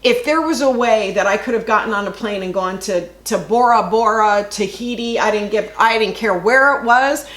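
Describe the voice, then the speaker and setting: A woman's voice: medium pitch, moderate pace, hardly any pauses, fairly bright tone, echoey room. A woman co-hosting a podcast, explaining herself in an earnest way in casual chat. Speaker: podcast co-host.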